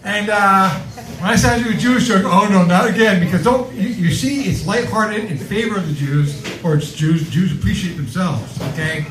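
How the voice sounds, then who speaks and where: A man from Connecticut doing a stand-up comedy set, with a halting, filler-heavy delivery. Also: high-pitched, roomy sound, noisy background. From Connecticut, USA. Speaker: stand-up comic.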